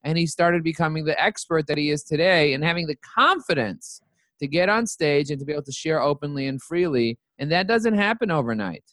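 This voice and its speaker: A man's voice: a little high, brisk, no room sound. A man, a company CEO, telling stories as a guest in a casual interview, acting out the dialogue as he goes. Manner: animated, acts out quoted dialogue.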